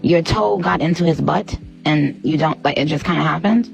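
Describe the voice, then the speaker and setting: Very low, gravelly-voiced woman interviewer. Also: normal speed, faint music behind, poor audio. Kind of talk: probing interview.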